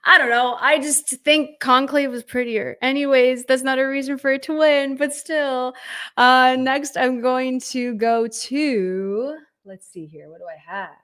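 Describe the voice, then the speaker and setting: A young woman hosting a casual live reaction stream, opinionated and animated, reading out viewers' chat comments. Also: high-pitched, a little slow, clean tone. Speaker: livestream host reacting to award nominations.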